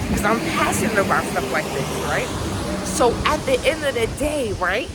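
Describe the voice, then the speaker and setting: A woman's voice: fairly high pitch, noisy background. A woman talking casually to camera in a rambling, preachy, slangy way, outdoors near farm animals. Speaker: vlogger.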